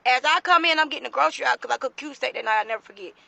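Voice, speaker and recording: A woman telling a story to her phone camera in a casual, animated, profane way. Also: high voice, very fast, gravelly, no room sound, rough recording. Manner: animated, profane, dramatic retelling.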